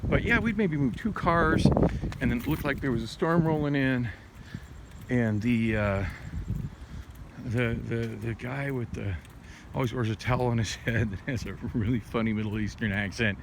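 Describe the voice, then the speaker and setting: A man's voice: medium pitch, normal speed. A man talks into a handheld phone as he walks outdoors at night. He rambles, restarts his sentences and drops candid, profane asides, with wind and street noise plain behind him. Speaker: vlogger. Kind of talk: rambling late-night walking vlog. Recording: windy outdoor phone audio.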